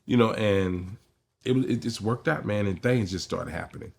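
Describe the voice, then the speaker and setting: A man's voice: on the low side, normal speed, vocal fry. A middle-aged man, a comedian telling stories in an interview and acting out the voices of people in them. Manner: animated storyteller, acts out quotes. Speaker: comedian guest. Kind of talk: storytelling interview.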